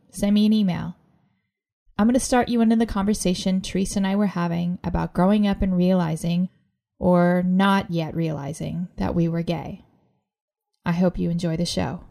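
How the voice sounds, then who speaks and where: A woman hosting a podcast, giving a measured, apologetic introduction. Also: fairly low pitch, creaky, mellow. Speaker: podcast host. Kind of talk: scripted intro.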